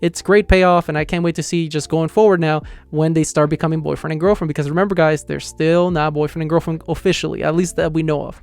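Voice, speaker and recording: A man's voice: a little high, steady tone, fast, creaky, few pauses, a little mellow. A young man casually reviewing a manga chapter, rambling with lots of fillers. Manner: rambling, heavy on fillers like "like" and "you know".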